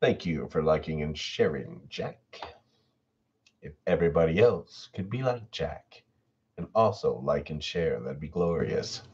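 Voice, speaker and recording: Man, horror narrator and stream host, extremely deep and husky, relaxed chatty delivery, dull lo-fi mic. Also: a little slow. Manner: relaxed and chatty, reads chat messages aloud. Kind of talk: reading stories aloud and chatting with viewers. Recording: dull lo-fi home audio.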